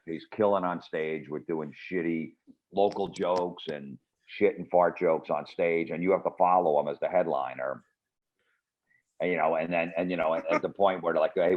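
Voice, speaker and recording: A man guest comedian telling rambling, dry anecdotes in a casual chat. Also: deep voice. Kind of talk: casual storytelling. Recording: dull lo-fi audio.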